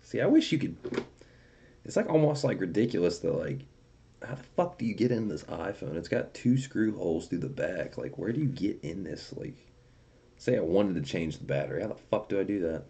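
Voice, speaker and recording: A man's voice: sits low, lively intonation, fairly quick, creaky, dark tone, slightly rough. A young man casually chatting on a livestream, reading viewer comments aloud and telling profane stories with frequent laughter. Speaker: streamer.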